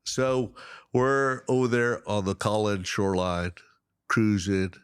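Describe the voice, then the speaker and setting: A middle-aged man telling fishing stories as a podcast guest, excitable and quick to laugh, swinging between loud high exclamations and quiet asides. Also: clean tone, no room sound, clean studio sound. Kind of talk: animated storytelling in casual chat.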